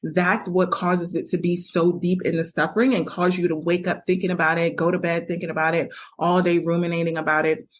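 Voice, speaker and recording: A woman's voice: on the low side, flat delivery, brisk, hardly any pauses. A woman hosting a podcast, speaking candidly from her own experience and acting out quoted arguments as she coaches listeners. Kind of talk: personal monologue with advice.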